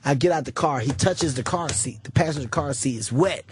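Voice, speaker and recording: A man's voice: on the high side, fairly quick, a little hiss or hum. A man in his thirties, a comedian, telling stories in casual chat and acting out the people in them. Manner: animated, acts out voices in his stories. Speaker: comedian guest.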